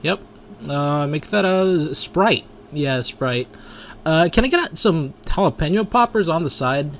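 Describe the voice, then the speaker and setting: Furry game character, male, comic and over the top, slow and very lively in pitch, voiced by one performer. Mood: awkward. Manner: wildly over-the-top, swinging between shouts and mumbles. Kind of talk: comedic video game voice lines.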